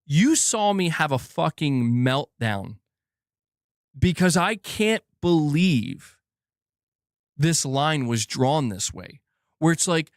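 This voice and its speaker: A young man with a high, lively voice rants in frustration, and his pitch leaps up and down. He swears freely and trips over restarted sentences. The sound is dry and close. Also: takes it slowly, long pauses, no room sound. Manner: exasperated, swears often, restarts sentences, mocks with put-on quotes. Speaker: gaming channel host. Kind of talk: heated solo rant.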